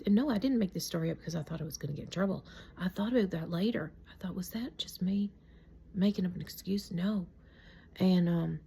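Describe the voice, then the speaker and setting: A woman's voice: on the low side, gravelly, mellow, a little hiss or hum. A middle-aged woman telling a childhood story in a casual, folksy way, often dropping into whispers and mild swearing.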